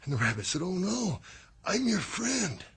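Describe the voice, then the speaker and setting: A man's voice: high-pitched, very animated, moderate pace, a bit bright, breathy edge. An older man, a podcast host and former wrestler, telling a story in a drawling, dramatic way that drops to whispers. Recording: archive promo clip.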